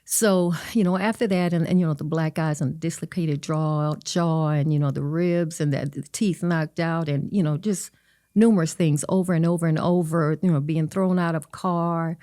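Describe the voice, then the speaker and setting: A middle-aged woman speaks into a close podcast mic in a dry, dead room, her voice sitting low for a woman. She tells her story earnestly, pausing and restarting often and leaning on "you know" as she goes. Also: fairly even intonation, warm tone, smooth, no room sound. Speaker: interview guest. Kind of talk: personal storytelling in an interview.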